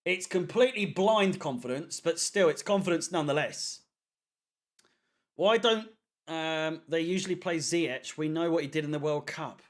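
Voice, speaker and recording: Speaking at a normal speed with a fairly high-pitched voice, a man hosts a fan watchalong stream. His casual live chat is rambling, filler-heavy, and peppered with the odd swear as he reads out comments.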